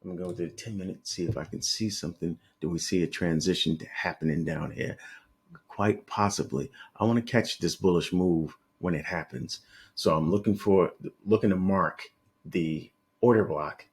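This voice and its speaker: A man's voice: sits low, normal speed. A man trading forex, thinking aloud as he marks up charts on screen, correcting himself and muttering as he works. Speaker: forex trader analyzing charts. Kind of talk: live screen-share market analysis.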